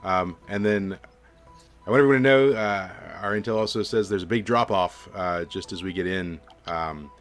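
A man voicing a commanding male guard captain who barks orders loudly. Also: low voice, normal speed, soft background music, close to an everyday voice.

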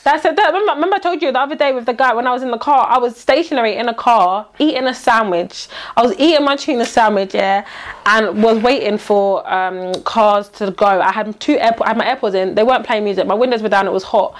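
A woman's voice: a little high, fast talker. A young woman, casually telling a story and acting out the voices of the people in it. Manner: animated storyteller, acts out quoted lines, British slang.

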